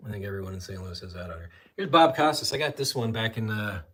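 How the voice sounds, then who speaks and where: A man's voice: on the low side, lively intonation, fast talker, a bit bright, husky. A man hosting a casual live stream who rambles, reads viewer comments aloud and walks around his room while he talks. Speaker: livestream host. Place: room at home with an autograph wall.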